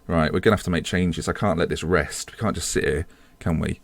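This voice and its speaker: A man's voice: low-pitched, a little fast, vocal fry, no room sound. A man giving casual commentary on his football management game, chatty and self-mocking, swearing when things go wrong. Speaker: gaming video host.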